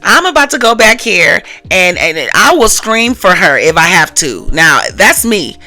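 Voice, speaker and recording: A woman's voice: fairly low pitch, very animated, unhurried, bright, forceful tone, soft background music, full character voice. A woman voicing a sassy, insistent young woman who is an emotional best friend, as she retells a scene. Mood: annoyed, sassy.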